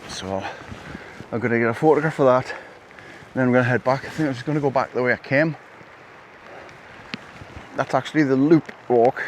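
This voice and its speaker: This middle-aged vlogger talks casually into his camera on an outdoor walk through woodland and coastal paths, rambling and making jokey asides. His medium-pitched voice moves at a moderate pace with long pauses, and there's slight background noise.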